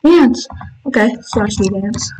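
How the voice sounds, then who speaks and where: A woman hosting a gaming channel, giving excitable casual commentary while playing and reading game text aloud, squealing when panicked. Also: on the high side, slow, husky, rough recording. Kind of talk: casual let's-play commentary.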